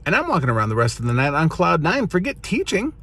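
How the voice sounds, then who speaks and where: Husky man telling a comic story. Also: a little high, fast. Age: 30s. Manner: animated, building to excited punchlines.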